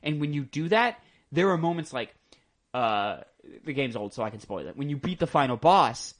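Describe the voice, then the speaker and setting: A man's voice: medium pitch, very animated, normal speed. A young man co-hosting a casual gaming podcast, enthusiastic and rambling, with plenty of ums and likes. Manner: enthusiastic, rambling with many fillers. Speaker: podcast co-host.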